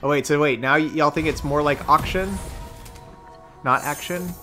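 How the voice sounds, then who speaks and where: A man's voice: on the high side, little pitch movement, fast, bright, forceful tone, faint music behind. A man streaming a card game, giving casual commentary as he plays, thinking aloud and correcting himself as he goes.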